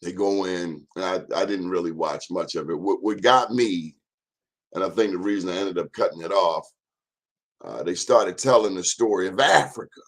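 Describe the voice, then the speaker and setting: A man hosting a casual live-stream monologue, chatting and speaking straight to his viewers. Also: low-pitched. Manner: chatty, addresses viewers directly, drawn-out phrases. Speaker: host.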